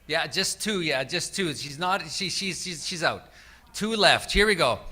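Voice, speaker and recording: A man's voice: a little high, animated, a little slow, slightly rough. A man working as an event emcee, calling out instructions to a crowd and leading games at a summit. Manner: calls out instructions to a crowd, sometimes shouting. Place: large indoor event hall.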